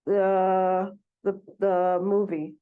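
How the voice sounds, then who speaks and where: A woman's voice: mid-range voice, flat delivery, extremely slow, clear, resonant tone. A woman in a class, asking hesitantly how to let go, often restarting as she searches for words. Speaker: class participant. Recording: dull lo-fi recording.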